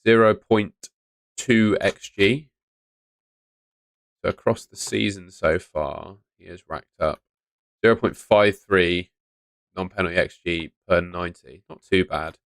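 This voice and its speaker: Here the young fantasy football streamer speaks slowly in a low voice, pausing often as he reads out and answers chat messages in chatty, casual commentary. A studio microphone on a stand captures a dry, studio-quality sound.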